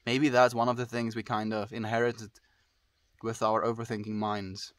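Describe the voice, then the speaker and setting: A man's voice: lowish voice, little pitch movement, moderate pace, dry recording. A man livestreaming from home, chatting casually with viewers and reading their messages, calling them dude and friend. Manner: laid-back, calls people dude and friend.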